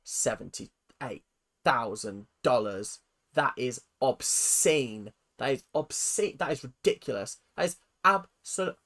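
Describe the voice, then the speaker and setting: A woman's voice: a bass voice, slow pace. Sarcastic ranting British woman. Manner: animated, sarcastic, exasperated. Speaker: reaction video host. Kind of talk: ranting reaction commentary.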